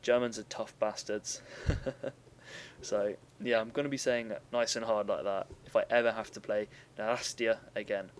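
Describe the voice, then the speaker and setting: A man's voice: fairly low pitch, steady tone, normal speed, slight background noise. A young man giving casual, rambling commentary over a recorded strategy game battle, often stopping to correct himself.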